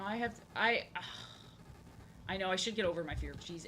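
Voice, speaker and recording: A young woman streaming as she draws, chatting casually and rambling, often repeating herself and filling pauses with "um" and "like". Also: on the low side, animated, pushed and bright, poor audio. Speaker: art streamer. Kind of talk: casual chat while drawing on stream.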